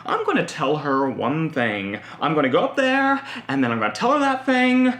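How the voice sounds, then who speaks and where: A man's voice: fairly high pitch, wildly swooping pitch, moderate pace, fairly bright tone, reverberant, exaggerated voice. A man doing a spiteful scheming schoolgirl. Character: scheming teenage girl plotting a fight.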